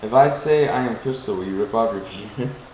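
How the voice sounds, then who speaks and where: Streaming from his home kitchen, a young man chats with viewers in a casual, rambling live session, cracking crude jokes and getting easily distracted. His voice is fairly low and fairly quick, and the roomy webcam audio carries a steady layer of crickets and insects.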